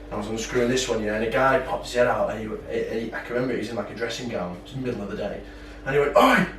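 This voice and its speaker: A man's voice: on the low side, steady tone, very fast. A young man, co-hosting a podcast and telling stories in heavy slang and swearing. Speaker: podcast co-host. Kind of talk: casual chat. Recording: roomy, distant mic, faint background hum.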